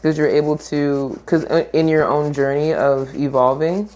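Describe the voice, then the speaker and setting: A woman's voice: deep voice, steady tone, a little slow, a little mellow. A woman who works as a yoga therapist, chatting casually in a podcast conversation, rambling and laughing often as she trails off and restarts.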